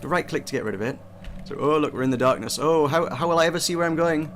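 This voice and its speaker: A man's voice: on the high side, fast talker, a bit bright, a little hiss or hum. Chatty man giving gameplay commentary. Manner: chatty, self-deprecating, frequent restarts. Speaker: game reviewer.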